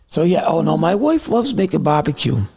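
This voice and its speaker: A man's voice: on the high side, very animated, fairly quick, vocal fry, dark tone, husky. A middle-aged man, chatting casually on a live stream, rambling between stories and answering viewers by name. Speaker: TikTok live host. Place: at home in the evening.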